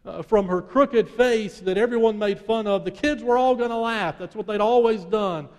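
A male pastor preaching a sermon, telling a story in hushed tones that rise and build, then leading a prayer. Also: high-pitched, normal speed, in a large hall.

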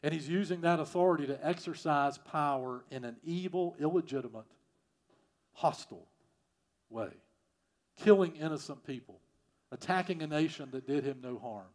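A man preaching a sermon, repeating phrases and swinging from loud emphasis to quiet, prayerful lines. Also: on the high side, moderate pace. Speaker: pastor.

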